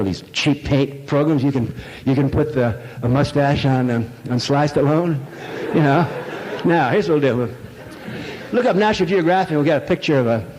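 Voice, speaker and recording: A man's voice: fairly high pitch, darkish tone. An older man giving an irreverent, rambling public lecture, full of jokes and fillers, to a live audience. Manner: irreverent, rambling, jokey storytelling with many fillers. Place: large lecture hall. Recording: echoey hall, faint noise.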